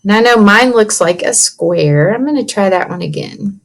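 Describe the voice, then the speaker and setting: A woman teaching young children a writing lesson from her computer, slowly and patiently sounding out letters and words. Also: mid-range voice, animated. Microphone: computer mic.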